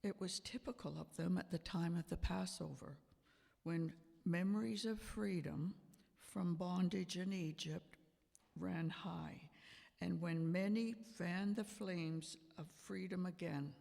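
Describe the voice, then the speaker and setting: A man puts on a full character voice, high, gravelly, a little mellow and fairly even in intonation, as Pontius Pilate justifying himself on the witness stand in a church play. The defensive governor speaks slowly and emphatically, his words ringing with long sanctuary reverb.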